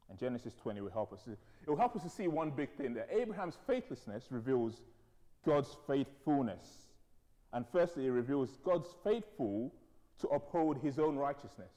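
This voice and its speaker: A man preaching a sermon, telling stories with conversational asides. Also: medium pitch. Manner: animated storytelling, conversational asides. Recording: hall reverb.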